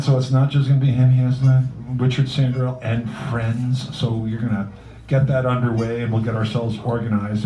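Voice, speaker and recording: A man's voice: medium pitch, warm tone. A man hosting an open mic night at a cafe, introducing the next act in a joking, teasing way. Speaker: host. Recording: echoey room, mic far off, background noise.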